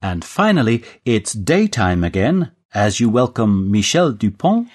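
A man presenting a scripted language course, giving clear instructions. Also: fairly low pitch, very animated, measured pace, a little mellow. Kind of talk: scripted language-lesson narration.

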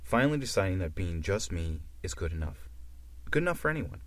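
A man co-hosting a casual chat, animated and quick to laugh. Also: sits low, no room sound. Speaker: podcast co-host.

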